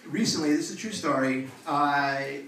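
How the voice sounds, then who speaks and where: A man's voice: fairly high pitch, moderate pace, a bit bright, far from the mic, slight background noise. A man telling a loose, swearing stand-up story on a comedy club stage, with the audience laughing behind him. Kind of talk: stand-up set. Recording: echoey club, mic heard from afar.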